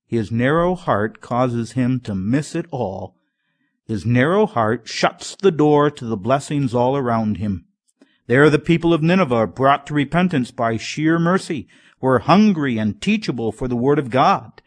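A man's voice: mid-range voice, big pitch swings, a little slow. A man preaching a sermon, emphatic and piling up strong words for effect.

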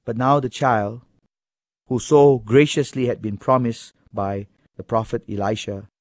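Man preaching a sermon, earnest, jumps way up in pitch to stress stuff, dry close sound. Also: steady tone, unhurried, dry recording. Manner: earnest preaching with sudden high emphatic rises. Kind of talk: expository sermon.

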